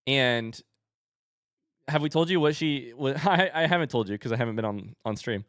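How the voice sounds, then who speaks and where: A man in his thirties chatting casually with his live-stream audience in an animated way. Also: mid-range voice, normal speed, no echo, studio quality. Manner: chatty and animated, baby-talks his dogs.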